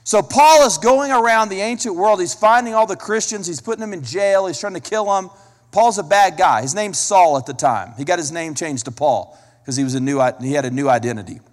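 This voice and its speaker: A man's voice: sits high, brisk. A man preaching a sermon as a pastor, emphatic, repeating key phrases and asking the listeners direct questions. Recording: long hall reverb.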